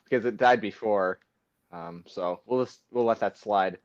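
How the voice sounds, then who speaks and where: Laughing teenage podcast host on a call. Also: male voice, on the low side, unhurried, no echo, lo-fi sound. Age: teens. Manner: rambling, restarts, laughs easily. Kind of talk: casual chat. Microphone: phone on a call.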